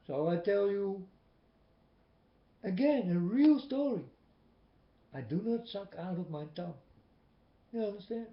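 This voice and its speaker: High, lively-voiced man preaching in a echoey room. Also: a little slow, long pauses. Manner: emphatic, swings between loud and soft; non-native English phrasing. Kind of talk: preaching personal testimony. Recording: echoey, dull lo-fi recording.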